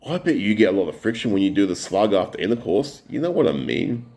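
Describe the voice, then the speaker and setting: An Australian man reacting to clips in a profane, mocking rant, his pitch jumping up when he gets heated. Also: sing-song, fast talker, vocal fry, a little mellow. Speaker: reaction video commentator.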